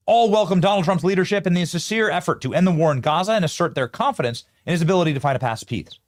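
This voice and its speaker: A man's voice: sits high, expressive, very fast, few pauses. A man hosting a live political commentary show, riffing animatedly and talking to his producers and chat.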